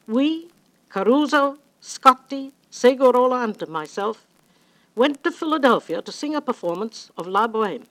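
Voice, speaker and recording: A woman's voice: on the high side, fairly bright tone, low-quality recording. Older woman telling a story theatrically. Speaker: opera singer telling an anecdote. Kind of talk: spoken reminiscence.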